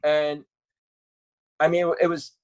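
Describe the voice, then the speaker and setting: Animated man. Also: fairly high pitch, takes it slowly. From Brooklyn, New York. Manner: animated, acts out quoted voices, lots of swearing and fillers. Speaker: podcast guest. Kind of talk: casual storytelling.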